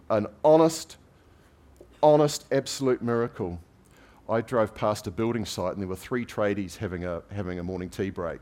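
A man's voice: fairly low pitch, normal speed, long pauses. A man preaching a conversational sermon, telling everyday stories with light humor. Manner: relaxed, anecdotal storytelling with light humor. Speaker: pastor.

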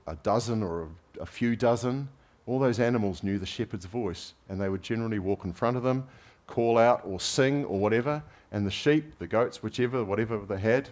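A man preaching a conversational sermon, telling everyday stories with light humor. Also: fairly low pitch. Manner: relaxed, anecdotal storytelling with light humor. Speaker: pastor.

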